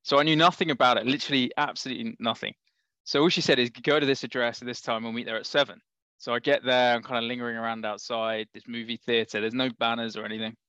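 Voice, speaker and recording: A man with a London accent tells a lively anecdote as a podcast guest, laughing as he goes. His voice sits at an ordinary pitch. The sound is dry and close. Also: fast talker, clean tone, dry recording, dull audio. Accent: London English. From England. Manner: animated anecdotal, laughs often. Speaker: startup founder guest. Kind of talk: casual podcast storytelling.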